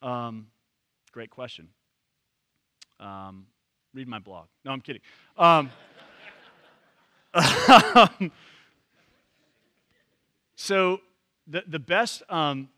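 Man, church teacher, casual talk, fillers and restarts, bright tone, dry sound. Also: a little high, expressive, very slow, long pauses, no room sound. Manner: talkative, many fillers and restarts, chuckles. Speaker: church leader teaching a training session.

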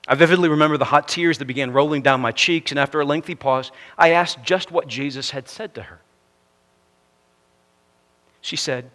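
A man preaching a sermon, reading a story aloud in an earnest way that sinks to a hush at the ends of phrases and rises to emphatic preaching. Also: medium pitch, a little fast.

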